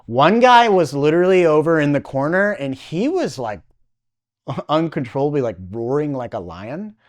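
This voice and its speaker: Man telling a vivid personal testimony. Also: fairly high pitch. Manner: animated, halting, heavy use of "like" fillers. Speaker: podcast guest.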